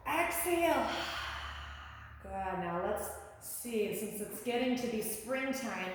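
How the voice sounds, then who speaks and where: High-voiced playful kids' yoga teacher. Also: female voice, slight background noise. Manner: playful, encouraging, sing-song. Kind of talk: guided yoga instruction for kids. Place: her own yoga studio, indoors. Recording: echoey studio with long reverb.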